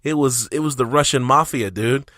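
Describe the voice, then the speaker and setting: A man in the middle range of pitch talks sports on a podcast, playful and argumentative, slipping into mock-dramatic quoted voices. The recording is dry and close, with no room sound. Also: normal speed, bright, forceful tone, no echo. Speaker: podcast co-host. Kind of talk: casual sports talk.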